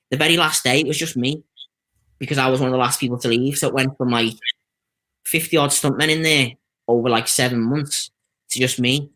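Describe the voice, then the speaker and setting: A man with a Liverpool accent, a stuntman telling stories in a casual interview. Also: mid-range voice. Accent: Liverpool (Scouse). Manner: chatty storytelling, lively anecdotes with quoted voices. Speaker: stuntman guest.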